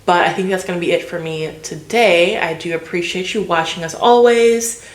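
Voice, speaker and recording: Lady vlogging, kinda low voice, lots of likes and ums, roomy echo. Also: moderate pace. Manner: chatty, loose, lots of filler words. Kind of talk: casual chat to camera.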